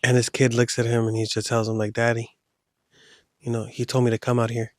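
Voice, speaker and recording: A man's voice: medium pitch, monotone, a little fast, dry recording, studio quality. A man hosting a podcast, telling a horror story in a loose, casual way with slang. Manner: loose, rambling retelling with slang.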